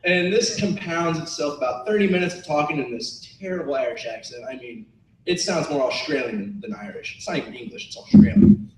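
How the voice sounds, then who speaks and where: A man's voice: a little high, expressive, a little fast, darkish tone, slight background noise. A young man in his twenties, laughing and self-mocking as he chats casually and tells a story at a meeting. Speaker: tailgate organizer. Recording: roomy room from far off.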